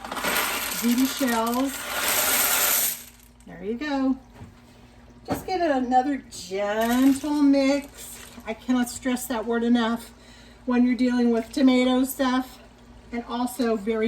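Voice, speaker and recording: A woman in her sixties hosting a casual cooking demonstration in her home kitchen, chatting directly to viewers and giving gentle cautions. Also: a little high, slow, pauses often, slight background noise, rough recording. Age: 60s. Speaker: cooking show host.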